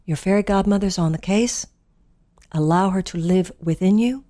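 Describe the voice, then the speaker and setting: A woman's voice: mid-range voice, moderate pace, dark tone. Woman giving an earnest inspirational radio talk. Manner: earnest, emphatic storytelling with repetition. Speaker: spiritual speaker giving a daily inspirational message.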